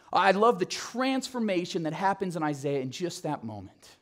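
Animated male pastor preaching a sermon. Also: sits high, moderate pace, hardly any pauses. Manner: animated storytelling, acting out quotes.

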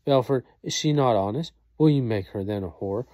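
A man's voice: mid-range voice, animated, moderate pace, warm tone, no echo, close to an everyday voice. A man reading the part of an aged, wronged father in a play, declaiming in a solemn way. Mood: indignant. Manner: solemn, declaiming old verse.

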